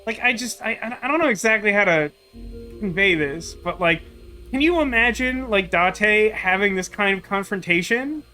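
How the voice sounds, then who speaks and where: A man's voice: high-pitched, animated, normal speed, bright, forceful tone. A man commenting on a video game in a wry, rambling way with lots of fillers. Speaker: gaming streamer. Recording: game music playing faintly behind.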